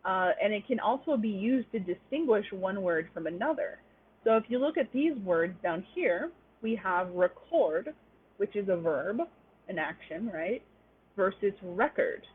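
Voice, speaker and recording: A woman's voice: medium pitch, lively intonation, moderate pace, slightly rough. A woman presenting an online linguistics lecture, explaining step by step and checking in with "right?". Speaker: webinar presenter. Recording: tinny phone-like webinar audio.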